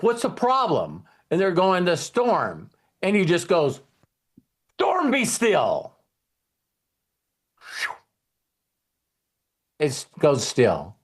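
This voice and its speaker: Animated repetitive male spiritual coach. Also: mid-range voice. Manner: animated, repetitive, laughs often. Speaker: life coach.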